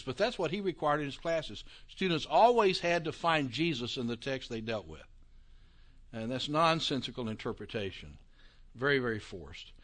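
A man lecturing on Bible interpretation in a conversational, emphatic way, with quick asides. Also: fairly high pitch, fairly bright tone.

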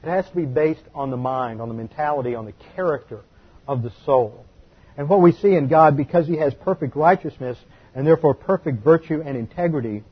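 A man's husky, slightly high voice carries a pastor's teaching sermon. Emphatic and step by step, he spells out terms and repeats figures for people to note, all captured on a dull, lo-fi recording.

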